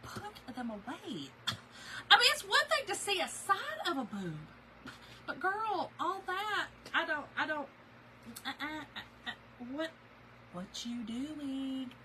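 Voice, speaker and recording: A woman's voice: high voice, sing-song, unhurried, noisy background. A woman, chatting and laughing as she tells a story to her viewers while working on a craft project. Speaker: craft video host.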